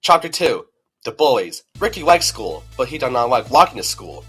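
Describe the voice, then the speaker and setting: A man narrating a children's storybook in a lively, expressive read-aloud. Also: medium pitch, normal speed, slightly rough. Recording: music underneath.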